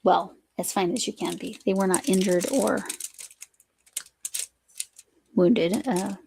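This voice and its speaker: A woman's voice: mid-range voice, normal speed, creaky, a little mellow, a little hiss or hum. A woman from the United States hosting a craft live stream, chatting casually and rambling as she works, often breaking off mid-sentence. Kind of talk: casual chat while crafting.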